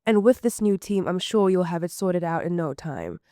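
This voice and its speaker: A woman's voice: on the low side, expressive, normal speed, mellow, no echo, studio quality, lightly acted. A woman voicing a poised, polite woman patron in her late forties with a transatlantic British-American accent, speaking effusively. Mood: gracious. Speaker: student reader. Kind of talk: amateur story reading.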